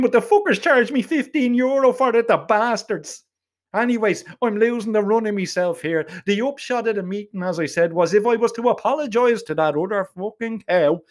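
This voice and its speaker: A middle-aged man with a Dublin Irish accent telling a crude comic story in the first person, swearing freely. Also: high-pitched. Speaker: narrator.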